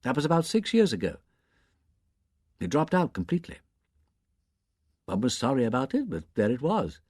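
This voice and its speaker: A man voicing a gentle older woman don, sorrowful and soft-spoken. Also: mid-range voice, wildly swooping pitch, normal speed, slightly rough, no room sound, studio quality, voice pushed up. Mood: mournful.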